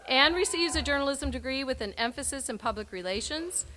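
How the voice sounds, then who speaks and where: A woman reading out graduates' names and short personal messages at a university graduation ceremony, with clear, measured announcing and emphatic sign-offs. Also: sits high, animated, pushed and bright, slight background noise.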